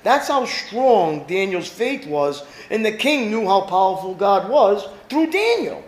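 High-voiced animated male pastor. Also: measured pace, echoey room. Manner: animated preaching, rhetorical questions to the congregation. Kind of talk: sermon.

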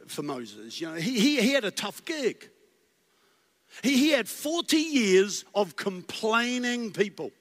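A man preaching as a guest, animated and full of rhetorical questions and stammered restarts, in a church. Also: high-pitched. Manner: animated, storytelling with acted voices. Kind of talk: sermon. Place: church sanctuary. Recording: long reverb in a large hall.

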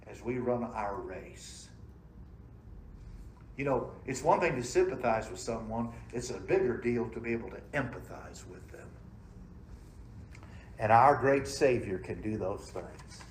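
A man preaches in a church with a folksy, dramatic manner, swinging from loud emphasis down to near-whispers. His voice sits at an ordinary pitch. The room is roomy and echoing, with a faint hum of ambience behind him. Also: animated, measured pace, long pauses. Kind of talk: sermon. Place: church sanctuary.

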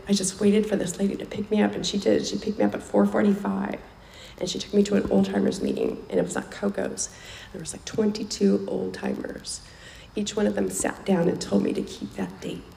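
A woman's voice: medium pitch, vocal fry, dark tone. A woman speaking candidly and emotionally at a recovery meeting, sharing her personal story and repeating phrases for weight. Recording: echoey room, faint background noise.

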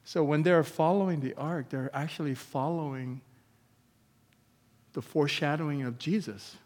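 A man's voice: a little high, moderate pace. Fervent male pastor in a reverberant hall. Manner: energetic preaching, rising to loud emphatic peaks; conversational asides with chuckles to the congregation. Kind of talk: sermon. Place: church sanctuary. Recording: long reverb of a church hall.

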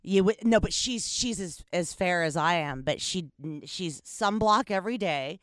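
A woman's voice: fairly low pitch, measured pace, no echo, studio quality. A woman in her forties hosting a podcast, chatting candidly, laughing often and swearing freely. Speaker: podcast host. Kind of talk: casual chat.

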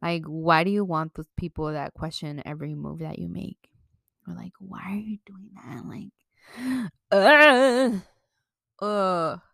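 Young woman, bilingual vlogger, frank and chatty with a fairly low voice, recorded dry and close. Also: fairly bright tone, smooth, no room sound. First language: bilingual, slips into Mexican Spanish. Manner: chatty, frank, swears freely, laughs at herself. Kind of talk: casual advice talk to camera.

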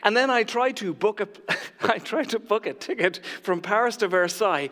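A man's voice: sits high, moderate pace, a bit bright, in a large hall. A male pastor giving a sermon with a jokey, self-mocking storytelling manner. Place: church sanctuary.

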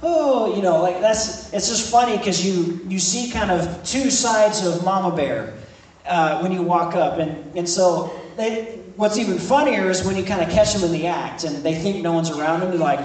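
A man's voice: sits high, moderate pace, a little mellow, recorded from a distance. A man preaching an evening sermon as pastor, reading scripture and talking in a loose, conversational way that repeats words and restarts sentences. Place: church service in a room. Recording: echoey room, speaker off-mic, faint noise.

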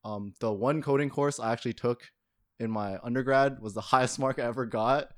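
A young man, a university student, talks fairly quickly in a medium-pitched voice with fairly even intonation. As a podcast guest he chats casually and thoughtfully, often hedging.

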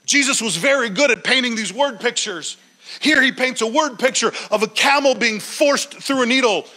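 A man preaching a sermon, retelling a Bible story with animated storytelling and acted-out quotes. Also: very high-pitched, moderate pace, rough recording. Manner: occasional stumbles and restarts.

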